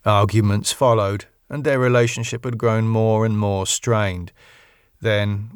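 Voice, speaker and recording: A man reading a novel aloud in an even, measured way. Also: fairly low pitch, smooth, no room sound, studio quality. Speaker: audiobook narrator. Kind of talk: audiobook narration.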